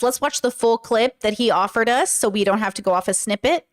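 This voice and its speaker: A woman's voice: fairly high pitch, lively intonation, a little fast. A woman hosting a casual commentary, talking in an emphatic, sarcastic way. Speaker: commentary host.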